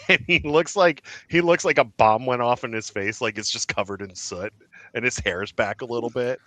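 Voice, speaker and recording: Brief: male game master, animated and bright, close dry mic. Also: medium pitch, moderate pace, no echo. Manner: animated, with laughs and fillers. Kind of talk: narrating a tabletop game.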